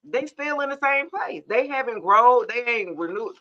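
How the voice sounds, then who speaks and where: A young woman reads tarot cards straight to camera, sassy and blunt, with quick laughing asides. Her voice is bright and sharp, and the sound is dull and lo-fi, like a phone mic. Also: a little high, lively intonation. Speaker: tarot reader. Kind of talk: casual tarot reading to camera.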